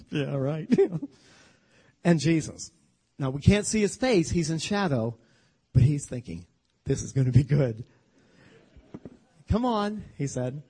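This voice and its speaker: Man, Bible teacher, storytelling sermon, husky voice, lively pitch, humorous. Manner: animated, humorous storytelling with acted-out quotes.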